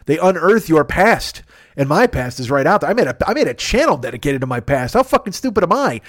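A man's voice: on the high side, big pitch swings, fast talker. Profane, rambling man in his fifties. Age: 50s. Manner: rambling, profane, self-mocking. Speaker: podcast host. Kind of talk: solo comedic podcast monologue. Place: apartment. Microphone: microphone turned sideways.

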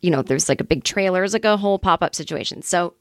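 Woman comedian, lowish voice, candid rambling monologue, dry close sound. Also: fast talker, no room sound. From Los Angeles area, California. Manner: candid, rambling, self-deprecating with swearing. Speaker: comedian, podcast host. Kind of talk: casual storytelling monologue.

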